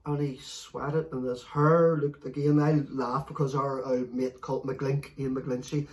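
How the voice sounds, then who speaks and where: A man, telling stories in a sweary, animated late-night chat, laughing as he goes. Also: mid-range voice, a little slow, far from the mic. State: a bit stoned. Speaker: podcast host.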